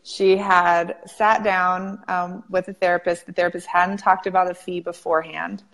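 A woman's voice: fairly low pitch, normal speed. Chatty woman host telling stories. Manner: animated storyteller, frequent "like". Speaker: interview host, practice coach. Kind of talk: casual interview chat.

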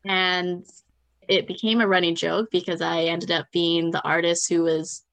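A young adult woman in a casual interview, telling a personal story in a chatty, animated way, often acting out what others said and laughing. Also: lowish voice, unhurried, gravelly. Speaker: guest.

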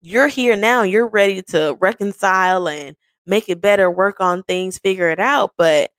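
A woman in her thirties hosting a podcast, telling a personal story in a candid, profane, animated way. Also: medium pitch, normal speed, no echo. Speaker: podcast host. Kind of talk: casual storytelling.

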